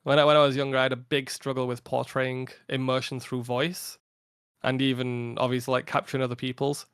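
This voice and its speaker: A tired young man chatting casually on a podcast about his gaming channel, rambling with frequent laughs and a slightly flat delivery. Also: mid-range voice, brisk, clear, resonant tone, no echo, studio quality. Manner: rambling, laughs often, a little flat from fatigue. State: tired after a long day. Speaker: podcast guest, content creator.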